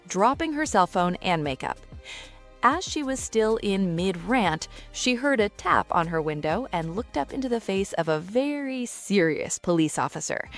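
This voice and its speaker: Steady female joke narrator. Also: medium pitch. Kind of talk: scripted storytelling of jokes.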